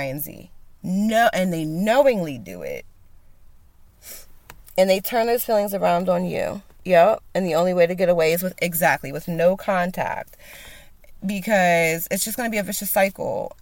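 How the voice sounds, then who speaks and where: A woman speaks live into her phone, sharing her own experiences in an animated, emphatic way that swings from quiet reflection to loud disbelief as she acts out past arguments. Her voice sits at a middle pitch. The recording is dry and close, with no room sound. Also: no room sound. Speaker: host of a live social media discussion. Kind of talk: emotional personal storytelling.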